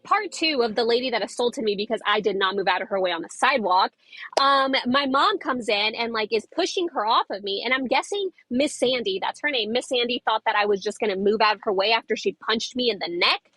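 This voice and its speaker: A woman's voice: fairly high pitch, animated, a little fast, pushed and bright, dry recording. A young woman recounting a street confrontation in a casual storytime video, emphatic and repetitive, with plenty of fillers.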